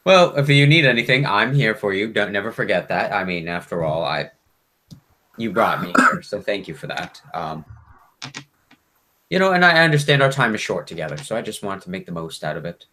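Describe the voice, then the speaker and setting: A man's voice: lowish voice, lively intonation, moderate pace, pauses often, sharp tone, a little hiss or hum. A man voicing a sly male demon who coaxes and bargains with its host. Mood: wheedling. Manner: wheedling, coaxing, sarcastic.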